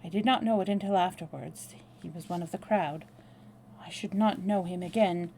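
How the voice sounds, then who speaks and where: A woman reading aloud, voicing a cowardly, scheming Russian man who turns shrill when threatened. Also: normal speed, mellow, slight background noise, lightly acted. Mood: fearful. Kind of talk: read-aloud novel dialogue.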